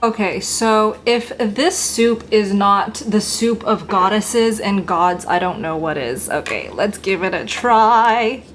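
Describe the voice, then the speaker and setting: Woman cooking vlog, unhurried, super gushy about the food, phone cam in her kitchen, mid pitch. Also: soft background music. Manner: gushing, enthusiastic about food. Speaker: food vlogger.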